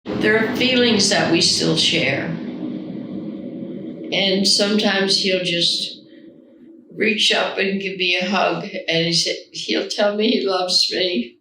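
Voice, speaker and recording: A woman caring for her spouse, speaking slowly and reflectively in an interview. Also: mid-range voice, background noise. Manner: slow, reflective, measured. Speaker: caregiver of a spouse. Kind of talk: interview testimony. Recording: roomy sound, distant mic.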